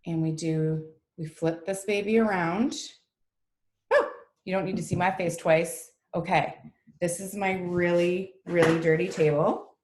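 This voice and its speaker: A woman's voice: lowish voice, steady tone, measured pace, a little mellow. A woman reading teacher leading a live online reading class over a video call, chatty and encouraging with a self-deprecating humor. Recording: roomy echo.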